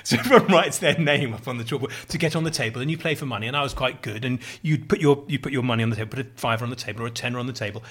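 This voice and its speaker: A man's voice: medium pitch, rapid-fire, hardly any pauses, a bit bright. A middle-aged man with a posh southern English accent, telling rambling anecdotes in casual chat and mimicking other people's voices. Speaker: podcast co-host.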